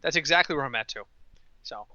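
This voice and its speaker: A man hosting a casual podcast, telling stories in an animated way and mimicking others in quoted voices. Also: mid-range voice, fairly quick, dry recording, muffled recording. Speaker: podcast host.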